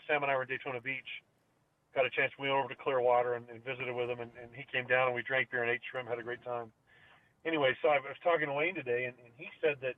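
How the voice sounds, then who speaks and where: A man's voice: mid-range voice, dry recording. A middle-aged man telling a long story in casual chat, rambling with lots of fillers and restarts. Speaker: podcast co-host. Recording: dry, phone-like narrow sound.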